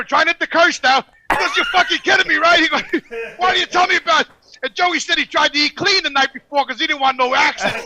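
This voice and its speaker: An older man telling long, rambling, profane stories in casual podcast chat. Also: very high voice. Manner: loud, profane, rambling anecdotes. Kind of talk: casual storytelling.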